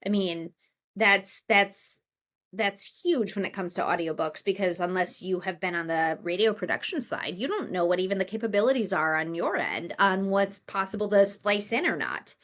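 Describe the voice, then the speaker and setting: A woman's voice: medium pitch, expressive, moderate pace, fairly bright tone. A woman co-hosting a writing podcast, thinking aloud in a loose, rambling way with lots of restarts. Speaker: podcast co-host. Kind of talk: casual podcast chat.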